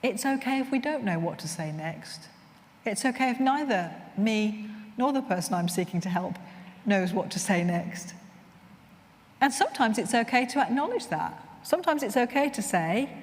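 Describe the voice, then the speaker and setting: A woman chaplain giving a conference talk, reflective and gentle, telling personal stories to fellow chaplains. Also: fairly high pitch, expressive, moderate pace. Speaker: chaplain trainer. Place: conference hall. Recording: long reverb in a large hall.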